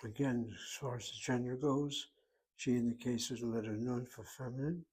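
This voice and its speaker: A male language teacher walks through Hebrew grammar methodically. His voice is somewhat husky and keeps a flat, level intonation. He sits at a middle pitch, neither high nor low. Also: moderate pace. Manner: methodical, explains step by step. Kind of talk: recorded language lesson.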